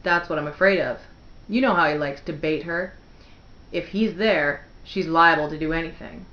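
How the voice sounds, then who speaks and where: A woman's voice: sits low, normal speed, fairly bright tone, roomy sound, highs cut off. A woman voicing an anxious sixteen-year-old boy, urgent and pleading.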